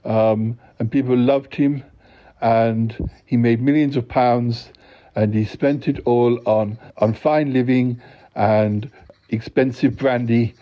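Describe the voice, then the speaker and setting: A man hosting a podcast who tells a comic bedtime story in a deadpan, rambling way, full of halting restarts. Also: mid-range voice. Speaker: podcast host. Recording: dull lo-fi recording.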